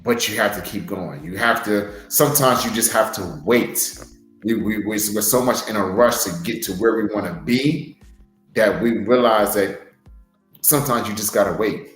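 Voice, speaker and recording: A wrestler and podcast co-host offers earnest motivational words, often repeating phrases to drive a point home. His voice sits on the low side. He sounds roomy and echoey, with faint music behind him. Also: normal speed, a bit bright. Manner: earnest, repeats himself for emphasis. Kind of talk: casual motivational talk.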